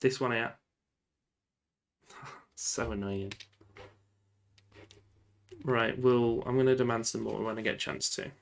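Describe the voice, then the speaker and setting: A man giving lively, casual commentary while playing a football management game, often shouting at the referee and laughing. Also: medium pitch, slow pace, vocal fry, pauses often. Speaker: gaming YouTuber.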